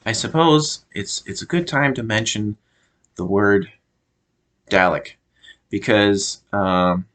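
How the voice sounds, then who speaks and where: A low-voiced American man talks through a show review in a relaxed, unscripted way. He often stalls, repeats himself and hunts for the right word before going on. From United States. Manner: halting, often stops to search for words. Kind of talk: casual review monologue.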